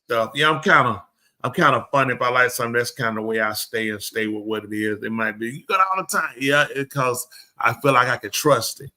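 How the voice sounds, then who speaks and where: Guy on a live show, bright voice, acts out every back-and-forth. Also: medium pitch, fairly quick. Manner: animated, acts out quoted exchanges. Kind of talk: casual storytelling chat.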